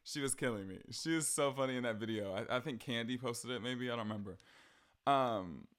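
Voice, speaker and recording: A man's voice: mid-range voice, brisk, fairly bright tone. A man hosting a casual pop culture podcast, gushing and rambling, swearing freely as he talks. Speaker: podcast host.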